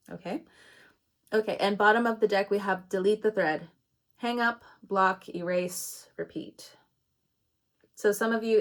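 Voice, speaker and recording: A young woman reads tarot in a loose, rambling way, laughing at her own jokes and swearing now and then. Her voice sits at an everyday middle pitch. She talks as if chatting with friends. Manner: chatty, meandering, laughs at herself, swears casually. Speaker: tarot reader. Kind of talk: casual tarot reading.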